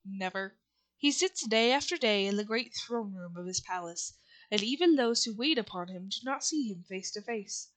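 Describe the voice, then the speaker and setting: A woman reading aloud, voicing a thoughtful grown man in a storybook, explaining things in a measured way. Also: medium pitch, animated, fairly bright tone, natural voice. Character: thoughtful grown man, a friendly farmer host. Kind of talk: audiobook reading.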